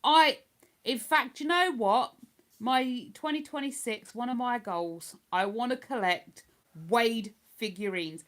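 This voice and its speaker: Here the older Hertfordshire host speaks slowly, her voice a little high and a bit bright. Chatting casually to her livestream viewers and answering their comments, she has an accent that falls between posh and London.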